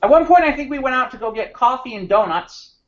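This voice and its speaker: A man co-hosting a podcast, telling an animated, rambling anecdote with frequent restarts. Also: extremely high pitch, quick pace, background noise. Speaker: podcast co-host. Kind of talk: casual storytelling chat. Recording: slightly muffled podcast audio.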